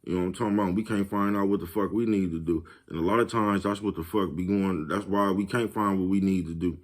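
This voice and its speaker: Speaking quickly in a deep voice with fairly even intonation, this man delivers a casual monologue to camera. He's a vlogger, relaxed and repetitive, and he chuckles at his own jokes as he addresses his viewers.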